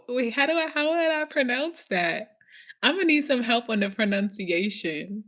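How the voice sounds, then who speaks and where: Laughing often, a giggly, excitable woman from the New York area hosts a podcast chat at normal speed, her voice on the high side. The talk is casual and rambling, filled with fillers and playful accent impressions.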